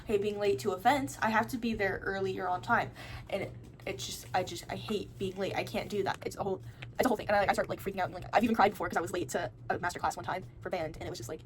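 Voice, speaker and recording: A woman's voice: mid-range voice, steady tone, rapid-fire, noisy background. A young woman in her teens ranting casually to the camera, rambling with lots of fillers and restarts. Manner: rambling, full of likes and restarts. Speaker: vlogger.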